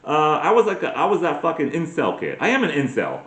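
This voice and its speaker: A man's voice: on the high side, wildly swooping pitch, brisk, fairly bright tone, echoey room. Profane rambling man in his forties. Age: 40s. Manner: crude, self-mocking, profane rants. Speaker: podcast host. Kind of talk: rambling comedic monologue.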